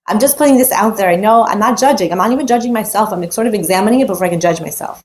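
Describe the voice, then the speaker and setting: A woman's voice: mid-range voice, quick pace, few pauses, slight background noise. A woman giving a heartfelt, emphatic personal Torah talk, repeating phrases and mixing in Hebrew terms. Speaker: Torah teacher.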